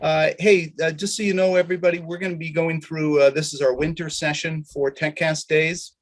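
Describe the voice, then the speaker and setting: A man co-hosting an online webinar, giving welcomes and housekeeping notes in a hesitant way with many filler pauses, over a video call. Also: on the high side, level tone. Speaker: webinar co-host. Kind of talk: casual online meeting chat and housekeeping announcements.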